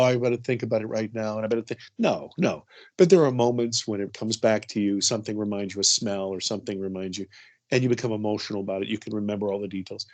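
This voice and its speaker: A middle-aged man telling a personal story as an interview guest, chatty and full of "you know" asides. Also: fairly low pitch.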